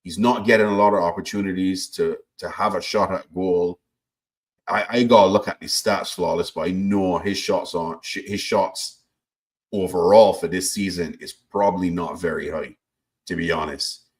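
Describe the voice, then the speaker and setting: A man's voice: low-pitched, steady tone, normal speed. A man from Barbados with a Barbadian accent, a co-host giving casual football opinions with frequent stammered restarts. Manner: stammering restarts, talks his opinions through at length. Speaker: podcast co-host.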